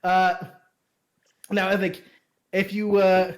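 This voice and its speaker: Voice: mid-range voice, monotone, slow. A game master describes a tavern scene for the players. The talk is loose and rambling, full of fillers and restarts. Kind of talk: narrating a tabletop game.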